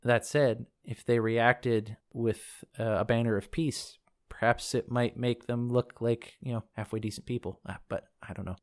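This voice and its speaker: A man's voice: medium pitch, little pitch movement, moderate pace. Man musing on game lore, casual. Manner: thinks aloud, wanders into asides. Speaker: podcast host discussing game lore. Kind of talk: casual commentary while reading from a book.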